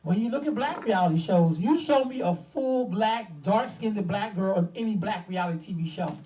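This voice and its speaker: Woman, 50s, co-host. Blunt, animated, laughs often, a bit off-mic. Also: mid-range voice, moderate pace, far from the mic. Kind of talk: casual chat.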